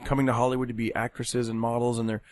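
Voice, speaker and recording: A man's voice: medium pitch, little pitch movement, fast, a little mellow. A comedian man chatting on a podcast, enthusiastic and rambling, acting out quotes. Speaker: comedian guest. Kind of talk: casual comedy chat.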